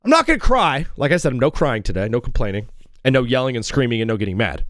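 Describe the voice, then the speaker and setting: A young man hosting a casual sports talk show, joking and shifting quickly between loud outbursts and mumbled asides. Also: medium pitch, no room sound, studio quality. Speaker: host.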